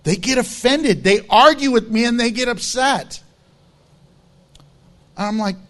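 A man preaching as pastor, blunt and emphatic, with low, quiet asides in a conversational sermon. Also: unhurried, pauses often.

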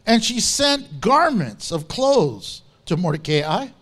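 High-voiced man preaching animatedly. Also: slow, faint music behind. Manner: animated storytelling, acts out quotes. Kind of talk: sermon.

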